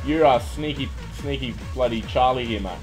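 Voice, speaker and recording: A man's voice: medium pitch, moderate pace, rough recording. A young man giving casual live commentary over a shooter game, swearing freely and yelping when things go wrong. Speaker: streamer. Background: game music and gunfire.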